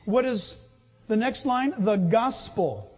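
Here a male pastor preaches emphatically, acting out ordinary little scenes in a high-sitting, expressive voice that is slow, husky, and somewhat dark in tone. The audio is dull and echoes around a reverberant hall.

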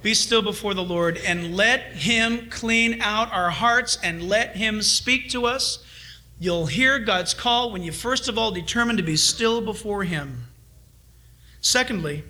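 A middle-aged man preaching a sermon, swinging between loud urging and hushed asides. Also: high voice. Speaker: pastor.

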